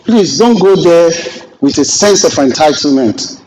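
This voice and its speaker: A middle-aged Nigerian man teaching a real estate class, lively and joking, acting out exchanges with clients as he goes. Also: on the high side, measured pace, slight background noise, low-quality recording. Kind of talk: classroom lecture with anecdotes.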